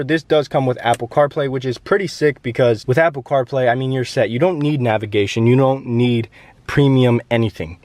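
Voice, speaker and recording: Young man, casual truck walkaround, joking and chatty, mid-pitched voice, camera mic. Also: no room sound. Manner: chatty and joking, lively ups and downs. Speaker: vlogger reviewing a truck. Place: inside and around a pickup truck.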